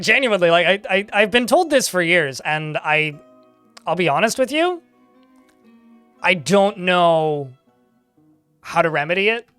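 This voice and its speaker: A young man with a high, bright, forceful voice chats casually with viewers while streaming a game, his delivery dry and sarcastic-sounding. The recording has no room sound.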